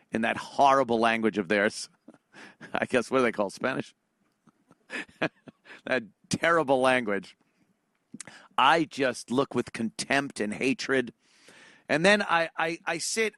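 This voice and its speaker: A man's voice: mid-range voice, a bit bright, no room sound. A man, hosting a show and telling a comedic, profane, sarcastic rant about how annoyed he is by everyone around him. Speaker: show host.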